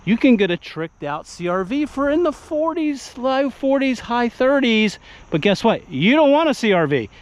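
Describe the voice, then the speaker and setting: A man's voice: extremely high pitch, normal speed. A man hosting a casual car review, talking conversationally as he walks around and sits in the vehicle. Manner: conversational, animated, acts out buyer dialogue.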